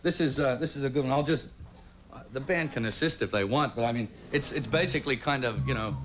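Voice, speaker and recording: A man's voice: medium pitch, fast, faint music behind. A man, a talk show guest chatting loosely and jokingly with many fillers, in a TV studio. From Australia. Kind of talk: casual chat. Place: TV studio with a live audience. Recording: studio audience noise behind.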